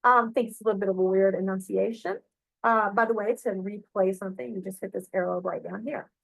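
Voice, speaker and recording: A middle-aged woman librarian walks through software on a shared screen, chatty and full of fillers and check-ins. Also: mid-range voice, fairly even intonation, fast, vocal fry, dry recording, low-quality recording. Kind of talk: screen-share tutorial walkthrough.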